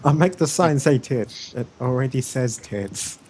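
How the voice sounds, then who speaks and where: A man's voice: medium pitch, lively intonation, a little slow, a little mellow, slight background noise. A man playing a tabletop role-play game, teasing and laughing often. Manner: giggly, teasing. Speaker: player.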